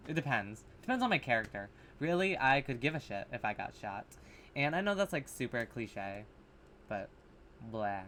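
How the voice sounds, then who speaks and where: A man's voice: medium pitch, lively intonation, moderate pace, fairly bright tone, a little hiss or hum. A man casually reacting to horror short films, blunt and sarcastic, swearing freely and restarting his sentences. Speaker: reaction video host.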